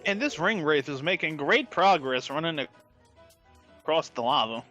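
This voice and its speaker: A man jokes along on a live stream, teasing the others and making mock-announcer appeals to the chat. His voice is high and bright. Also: animated, moderate pace, faint music behind. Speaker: stream co-host. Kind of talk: playful banter.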